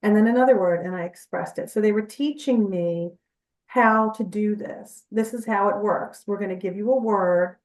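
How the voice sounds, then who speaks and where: A woman's voice: medium pitch, normal speed, recorded from a distance. Chatty woman guest in an echoey room. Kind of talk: conversational interview storytelling.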